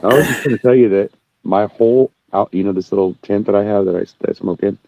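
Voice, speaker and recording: Fast-talking, foul-mouthed man on a dull lo-fi call line, dry sound; casual podcast co-host. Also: warm tone. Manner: profane, ranting, quick, jumps up in pitch when worked up. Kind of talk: casual chat.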